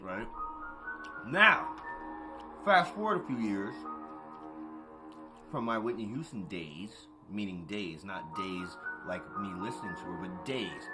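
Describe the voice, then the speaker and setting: A man's voice: on the low side, animated, takes it slowly, pauses often, music in the background. A man hosting a late-night monologue, talking straight to his listeners, swearing freely, laughing often and repeating points for emphasis. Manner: talks to listeners directly, repeats himself for emphasis. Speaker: podcast host. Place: at home, eating with a cat nearby.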